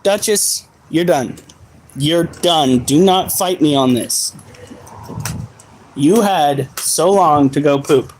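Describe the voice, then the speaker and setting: A man's voice: on the high side, slow pace, pauses often, a little mellow, a little hiss or hum, poor audio. A man chatting on a casual live stream while caring for his pets, joking, swearing and scolding his dogs. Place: at home with animals.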